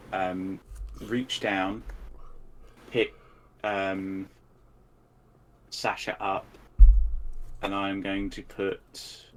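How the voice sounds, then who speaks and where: A man's voice: low voice, a bit bright, a little hiss or hum. A man playing a tabletop game, talking through his turn in a thoughtful, hesitant way. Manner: thoughtful, hesitant, thinks aloud. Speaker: player.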